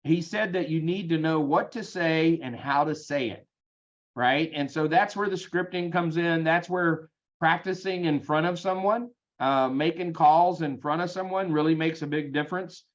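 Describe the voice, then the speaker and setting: A man leading a sales team meeting, energetic and chatty, with frequent ums, over a video call. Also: on the high side, normal speed, lo-fi sound. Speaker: real estate team leader.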